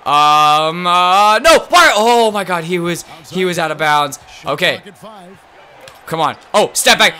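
A young man commentating his own basketball video game, muttering, then shouting at big plays. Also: sits high, slow. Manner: swings between muttering and excited shouting. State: nervous, voice strained. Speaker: gaming YouTuber. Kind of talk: live gameplay commentary.

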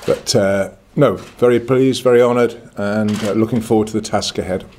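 Older northern English man at a press conference, blunt and plain-spoken, low-pitched, light background noise. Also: steady tone, moderate pace, darkish tone. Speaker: cricket club chairman.

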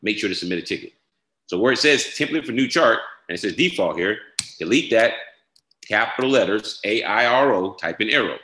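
A man giving a step-by-step software tutorial, repeating each instruction and checking in with "all right?". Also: on the low side, expressive, a little fast, a little hiss or hum. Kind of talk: screen-share tutorial walkthrough. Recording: echoey room.

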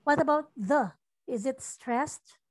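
A high-pitched woman teaching English online, speaking in an unhurried, deliberate way. She patiently repeats lines to show where the stress falls. Her voice sounds close and dry, with no room around it. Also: no echo. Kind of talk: online tutoring lesson.

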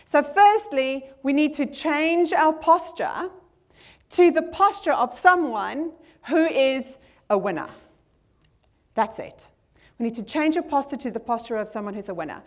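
High-voiced, energetic woman speaker. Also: measured pace. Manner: energetic, emphatic, repeats key lines and checks the audience follows. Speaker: motivational conference speaker. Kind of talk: motivational talk leading a group affirmation. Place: conference hall with a screen.

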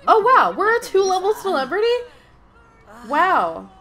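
A young woman casually commenting on her game, excitable and gushing with chatty asides. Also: very high voice, unhurried. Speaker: gaming YouTuber. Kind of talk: casual let's-play commentary.

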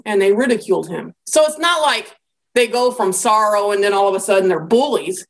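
A woman giving a conversational Bible lecture, telling the story in a lively way with casual asides. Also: a little high, moderate pace. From American Midwest.

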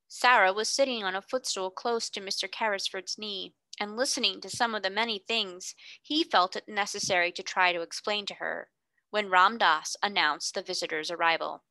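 Bright-voiced woman reading a classic novel. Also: medium pitch, steady tone, moderate pace, no echo. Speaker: reader. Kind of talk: audiobook narration.

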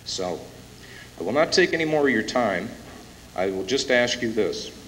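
A man's voice: mid-range voice, big pitch swings, normal speed. Emotional man introducing a speaker in a hall. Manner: emotional, building to loud announcements. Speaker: event emcee introducing the speaker. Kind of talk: impassioned rally introduction. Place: conference hall with a live audience. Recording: echoey hall from far off, hissy tape.

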